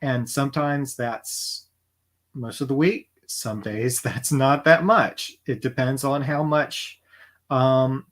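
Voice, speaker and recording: Dude co-hosting, deadpan and measured, normal pitch. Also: male voice. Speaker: podcast co-host. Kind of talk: casual chat.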